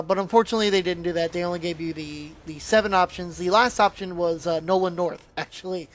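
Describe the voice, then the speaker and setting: A man giving a casual, rambling spoken review of a video game, often trailing off and restarting his sentences. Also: high voice.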